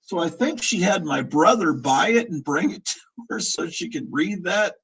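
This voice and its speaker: A man's voice: on the high side, animated, moderate pace, fairly bright tone, low-quality recording. A man in his fifties hosting a casual live-stream chat, rambling and opinionated, chuckling as he reminisces. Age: 50s. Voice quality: husky. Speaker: show host.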